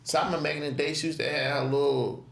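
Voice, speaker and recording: This podcast guest, a man in his 20s who runs a clothing brand, talks very fast in a high-sitting voice with vocal fry. His casual storytelling is profane and animated as he acts out what he once said, all captured with a roomy echo.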